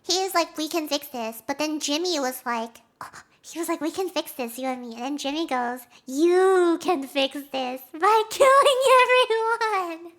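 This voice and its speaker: High bright excitable young woman streamer. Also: moderate pace, hardly any pauses. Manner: excitable rambling, acts out quotes, laughs often. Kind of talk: casual chat with stream viewers.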